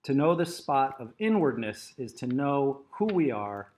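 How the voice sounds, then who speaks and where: A middle-aged man co-hosting a talk, soft-spoken and easygoing, reading a passage aloud at a slow, measured pace. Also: mid-range voice, very animated. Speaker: co-host. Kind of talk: casual chat and reading aloud.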